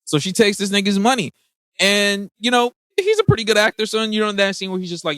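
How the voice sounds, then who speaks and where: Slangy man with a higher voice. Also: lively intonation, fast, pushed and bright, clear, resonant tone, no room sound. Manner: laid-back banter, slangy and profane, laughs often. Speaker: podcast co-host. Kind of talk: casual movie-review chat.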